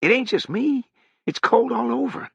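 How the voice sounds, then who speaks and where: A man voicing a scared, whiny young country boy in a high, plaintive, fretful voice, for an audiobook. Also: animated, normal speed, gravelly, breathy edge, no room sound, full character voice. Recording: dull, dry sound.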